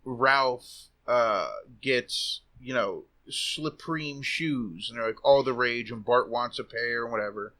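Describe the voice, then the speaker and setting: A man's voice: mid-range voice, slow pace, few pauses, sharp tone. A man co-hosting a podcast, casually telling a funny story with swearing and laughter. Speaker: podcast co-host. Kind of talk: casual chat.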